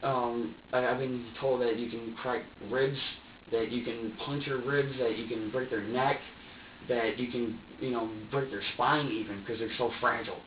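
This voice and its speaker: In a police interview room, a male suspect in his twenties with a medium-pitched, fairly even voice gives a rambling, profane statement, stumbling over repeated words. The recording sounds dull, distant and echoey, with faint ambience and slight background noise.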